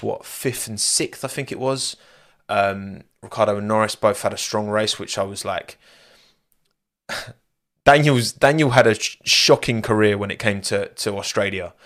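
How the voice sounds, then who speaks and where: A man's voice: lowish voice, fairly bright tone. A young man hosting a live-streamed podcast, chatting casually and rambling, often laughing at his own asides. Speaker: podcast host.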